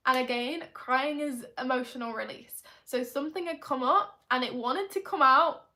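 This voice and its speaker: Bright chatty young woman vlogging. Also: high voice, brisk, hardly any pauses. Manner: chatty, rambling, tag questions. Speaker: manifestation coach. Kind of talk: confessional vlog monologue.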